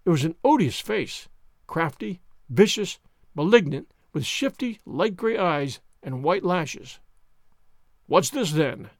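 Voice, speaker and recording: A man narrating a classic detective story in a measured, expressive audiobook reading. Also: high voice, no room sound, clean studio sound.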